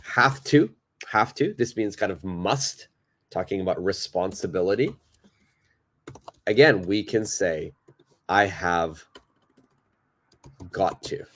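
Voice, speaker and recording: Man, English teacher, low voice, slow and patient, repeats examples. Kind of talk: live online English lesson.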